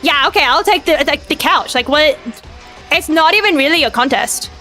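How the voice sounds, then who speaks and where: A woman's voice: high-pitched, lively intonation, moderate pace, bright, forceful tone, faint music behind. A young woman streaming a game, talking herself through it in a frantic, swearing way. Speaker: VTuber streamer. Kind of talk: live gameplay commentary.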